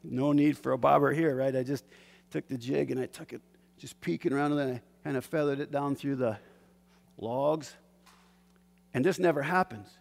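A man telling a personal fishing story in a lively, animated way, acting out shouts and gasps. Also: medium pitch, normal speed, creaky, long pauses. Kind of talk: casual spoken story. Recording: hall with long reverb.

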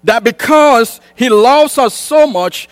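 A man's voice: very high voice, lively intonation, slow. A man preaching a sermon with an emphatic, repetitive cadence that rises in bursts. English is not his first language. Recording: long hall reverb with mains hum.

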